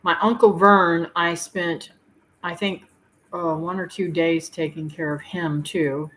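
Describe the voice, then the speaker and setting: Heartfelt woman with a lowish voice. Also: fairly even intonation, fairly bright tone, slight background noise, poor audio. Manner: heartfelt, rambling, pausing with fillers. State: tearful at times. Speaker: homestead channel host. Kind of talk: emotional personal talk to viewers.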